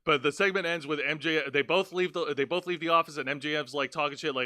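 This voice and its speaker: A man hosting a casual wrestling review podcast, talking in an animated, jokey, rambling way. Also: a little high, fast, few pauses, no echo, studio quality. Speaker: podcast host.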